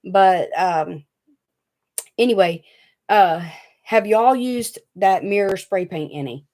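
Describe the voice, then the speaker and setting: A woman's voice: mid-range voice, slow, darkish tone. A woman with a Southern US accent, hosting a casual, rambling livestream chat from a small room at home. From Tennessee. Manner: rambling, chatty, fidgety. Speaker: DIY craft channel host.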